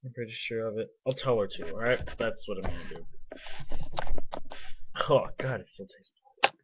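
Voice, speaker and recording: A man's voice: lowish voice, normal speed, heavy background noise. A young man rambling casually in a home vlog, swearing freely while getting over a nosebleed. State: recovering from a nosebleed, tastes blood. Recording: dull lo-fi webcam recording.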